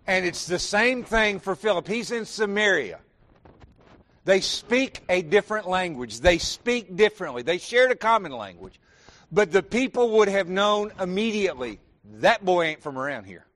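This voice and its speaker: Southern man, pastor, higher-pitched voice, folksy sermon delivery with direct questions to the pews. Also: lively intonation, normal speed, a bit bright. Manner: folksy, addresses congregation with questions and "y'all".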